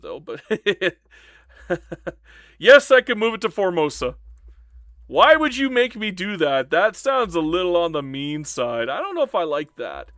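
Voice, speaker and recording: A man's voice: high voice, fairly bright tone, dry recording, clean studio sound. A man streaming a strategy game live, playfully answering chat and mock-complaining as he talks through his plans. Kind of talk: live-stream gameplay commentary.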